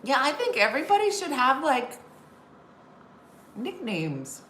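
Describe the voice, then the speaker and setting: A woman's voice: high voice, huge pitch swings, unhurried, a bit bright. Chatty woman comedian in a roomy space. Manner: chatty storyteller reading viewer comments aloud. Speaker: comedian hosting a live show. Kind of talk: casual live-stream chat. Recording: roomy sound with faint background noise.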